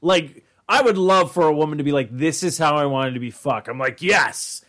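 A man's voice: a little high, fairly quick. A man co-hosting a podcast, joking crudely and acting out quotes in casual banter. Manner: crude, animated, acts out quotes. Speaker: podcast co-host.

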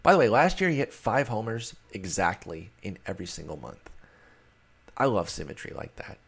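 A man's voice: fairly low pitch, sing-song, normal speed, gravelly, fairly bright tone, breathy edge. A man hosting a solo fantasy baseball show, talking casually and rambling in a self-deprecating way. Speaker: fantasy baseball podcast host.

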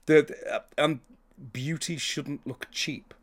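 A man's voice: a little high, fairly even intonation, slow. A man co-hosting a casual podcast chat, speaking emphatically and with strong opinions. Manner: emphatic and opinionated, with frequent restarts. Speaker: podcast co-host.

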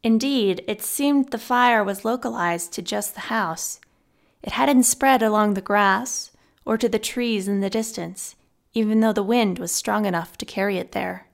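A woman reading a fantasy novel aloud as scripted narration, in a subdued, measured voice. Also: mid-range voice, creaky. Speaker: audiobook narrator.

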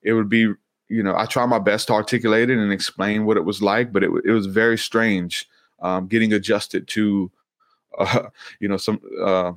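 A man speaking as an interview guest, earnest and halting, often repeating words as he tells his story. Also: fairly low pitch, little pitch movement, dry recording, clean studio sound. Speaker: interview guest, Christian minister. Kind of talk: casual interview conversation.

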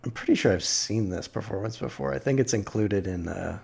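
A young man co-hosting a casual podcast chat, excitable and quick to laugh. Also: vocal fry, breathy edge. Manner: excitable, laughs often, pitch jumps when animated. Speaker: podcast co-host.

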